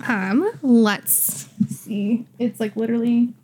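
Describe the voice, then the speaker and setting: A woman's voice: fairly high pitch, fairly even intonation, slow pace, mellow, slight background noise. A woman co-hosting a podcast, talking casually with lots of fillers. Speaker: podcast co-host. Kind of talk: casual chat.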